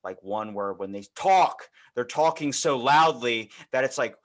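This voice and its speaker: A man with a Baltimore accent hosting a podcast, chatting casually and telling lively stories, swearing freely. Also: mid-range voice, unhurried. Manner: animated storytelling, swears freely. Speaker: podcast host. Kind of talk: casual chat.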